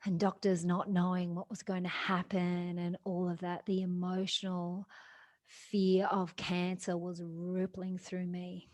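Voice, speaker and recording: A woman telling a personal story in an earnest, emotional way, with soft laughs between phrases. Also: lowish voice, monotone, measured pace. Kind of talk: personal testimony.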